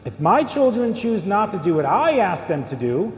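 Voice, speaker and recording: A man's voice: high-pitched, sing-song, moderate pace, slight background noise. A middle-aged man, a priest, preaching a sermon in a church in a conversational way, full of rhetorical questions. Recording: echoey church hall with long reverb.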